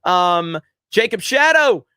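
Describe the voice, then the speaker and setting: A man's voice: high-pitched, sing-song, slow, bright, forceful tone, slight background noise. A man hosting a livestream, ranting in heated, profane political commentary and reading out viewer chats, repeating his points for emphasis. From Florida.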